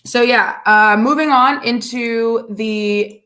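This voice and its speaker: A woman's voice: fairly high pitch, slow, sharp tone. A woman co-hosting a casual sports podcast, chatty and rambling with lots of fillers. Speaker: podcast co-host.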